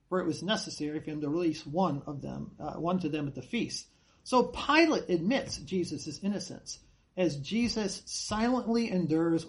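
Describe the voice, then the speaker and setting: A man giving a Bible class, reading scripture aloud and stressing key phrases with earnest repetition. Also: sits high. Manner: reads scripture aloud with emphatic, rising voice on quoted cries; earnest, repeats phrases for emphasis.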